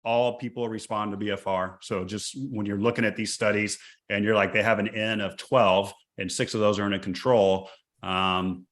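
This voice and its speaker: A man's voice: on the low side, a bit bright. Joking, easygoing man on a podcast. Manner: joking, loose and self-deprecating. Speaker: podcast co-host. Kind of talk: casual podcast chat.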